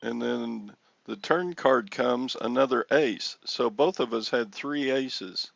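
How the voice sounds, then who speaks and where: An older man hosting a casual chat, telling a rambling story with chuckles and excited bursts. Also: mid-range voice, slow, vocal fry, no echo, muffled recording. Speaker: host. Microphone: headphones with mic.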